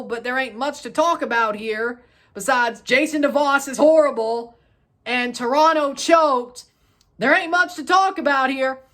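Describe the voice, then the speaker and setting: High-voiced woman ranting about soccer. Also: fairly bright tone. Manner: heated, exasperated, swears casually. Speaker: soccer match reviewer. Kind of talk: ranting solo match review.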